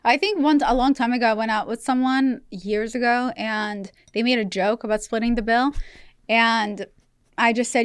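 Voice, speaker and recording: Woman in her 30s from russia, chatty podcast guest, candid stories, smooth clear voice, dry sound. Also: fairly high pitch, steady tone, normal speed, no echo. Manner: candid, storytelling, laughs often. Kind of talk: casual chat.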